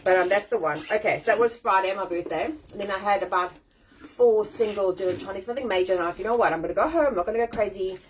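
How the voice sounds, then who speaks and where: A South African woman in her forties hosting a casual live-stream chat from home, animated, self-deprecating and swearing freely. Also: mid-range voice, fast talker, a little hiss or hum, rough recording. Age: 40s. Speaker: host. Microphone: phone or webcam on a live stream.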